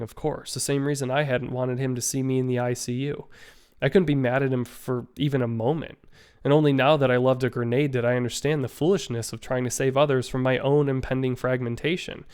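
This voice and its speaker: A man, a teacher, reading a novel aloud as an audiobook in a steady, measured way. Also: mid-range voice, clean tone. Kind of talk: audiobook narration.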